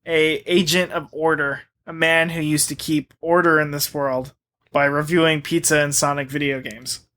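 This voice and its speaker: A man's voice: on the high side, little pitch movement, normal speed, pushed and bright. A young man co-hosting a comedy podcast, ranting in mock exasperation and laughing along. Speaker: podcast co-host. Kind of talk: casual comedic banter.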